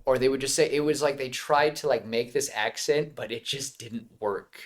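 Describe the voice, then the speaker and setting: A man's voice: medium pitch, moderate pace. A man co-hosting a podcast, chatting casually and rambling about a film, with frequent laughs and restarts. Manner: rambling, animated, laughs often. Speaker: podcast co-host. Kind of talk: casual movie chat.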